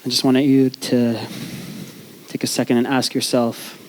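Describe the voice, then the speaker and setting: A man's voice: medium pitch, little pitch movement, measured pace, a little hiss or hum. A young man from Canada, telling a comic personal story on stage before a live audience, joking at his own expense and swearing freely. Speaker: speaker at a storytelling event. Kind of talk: comedic personal storytelling talk.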